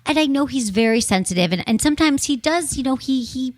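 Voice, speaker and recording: A woman in comic role-play, voicing a hesitant married caller with a put-on Michigan accent, halting and full of fillers. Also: high-pitched, lively intonation, no echo, clean studio sound. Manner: halting, embarrassed, many fillers and restarts. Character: hesitant married woman calling a radio show.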